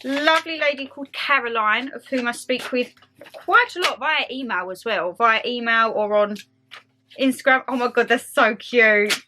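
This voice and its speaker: A young woman from England vlogging at home, chatting excitedly and gushing over gifts. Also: fairly high pitch, moderate pace, background noise. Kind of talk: casual chat.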